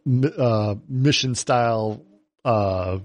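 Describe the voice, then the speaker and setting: A man co-hosting a casual film podcast, retelling a plot with many fillers and quick acted quotes. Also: mid-range voice, no echo. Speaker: podcast co-host.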